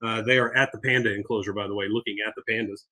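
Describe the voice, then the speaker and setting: A middle-aged man recapping a cartoon episode on his podcast, rambling along with plenty of fillers. His voice is bright and forward. He keeps it loose and casual. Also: fairly low pitch, fairly even intonation, rapid-fire. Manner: rambling, with many fillers and laughs. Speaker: podcast host.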